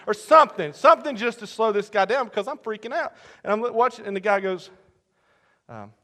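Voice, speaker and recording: A male pastor tells a story in a lively, animated way, dropping to near murmurs and then bursting into shouts. His voice is fairly high and very bright. A long reverb trails behind him in a large hall. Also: fast talker. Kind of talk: sermon.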